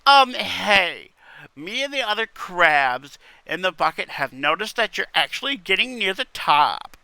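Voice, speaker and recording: A man voicing a whiny online poster in a put-on accent, higher and louder than his own voice. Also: big pitch swings, a little slow, gravelly, clean tone, dry recording, exaggerated voice. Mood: mock-apologetic.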